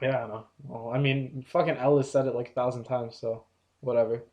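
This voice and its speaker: A man's voice: medium pitch, flat delivery, brisk, dull audio. A young man hosting a casual podcast, swearing often and laughing as he tells work stories. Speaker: podcast host. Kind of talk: casual drunken banter. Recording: echoey room, audio-only podcast.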